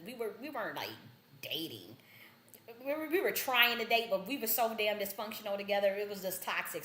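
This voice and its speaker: A woman's voice: mid-range voice, a bit bright, echoey room, slight background noise. A woman hosting a livestream, talking in a blunt, profane, rambling way with many restarts. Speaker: livestream host.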